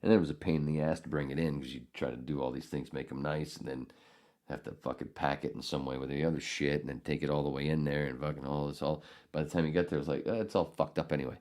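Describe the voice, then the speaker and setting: A middle-aged man hosting a podcast, telling a story in a casual, profane, animated way with bursts of outrage. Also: a bass voice, quick pace. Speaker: podcast host.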